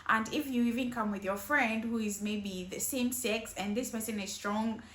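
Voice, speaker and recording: A woman's voice: a little high, moderate pace, fairly bright tone, roomy sound. A woman hosting a reaction video, giving earnest warnings in casual commentary and often asking "okay?". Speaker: host reacting to clips.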